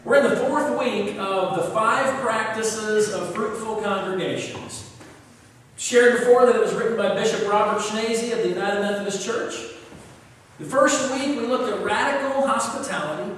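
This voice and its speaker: A high-voiced man delivers a sermon from the pulpit as a lively storyteller. He sounds far from the microphone, and his voice rings through a long, echoing church hall. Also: slight background noise. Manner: lively storyteller, acting out the dialogue. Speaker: pastor. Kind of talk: sermon with a joke.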